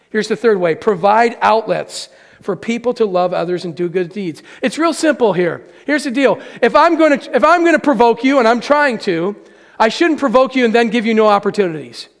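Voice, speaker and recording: High, gravelly-voiced man preaching a sermon. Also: long reverb tail. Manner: storytelling, acts out quoted voices. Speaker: pastor.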